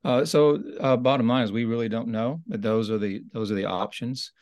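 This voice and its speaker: Man, mid-pitched, dry close sound, talks through a Bible passage thoughtfully, explanatory teaching tone. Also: a little fast, a little mellow, dry recording. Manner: thoughtful, explanatory, with frequent restarts. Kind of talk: conversational Bible study discussion.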